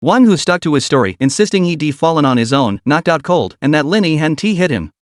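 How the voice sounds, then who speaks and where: Guy narrating a comic story, dramatic, pitch jumps around a lot, dry close sound. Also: sing-song, fairly quick, no echo.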